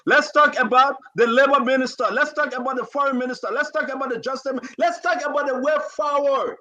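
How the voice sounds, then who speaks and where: A man hosts a political talk show with a very high, sharp, forceful voice. He pleads and scolds in fervent, rapid repetitions. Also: fairly even intonation. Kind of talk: impassioned political commentary.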